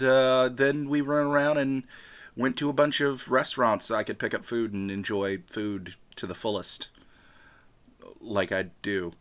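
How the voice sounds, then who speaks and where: A man's voice: lowish voice, unhurried, a bit bright, smooth. A man casually recapping a tabletop vampire campaign, rambling with many fillers and frequent swearing. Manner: rambling, profane, filler-heavy. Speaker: tabletop game player recapping.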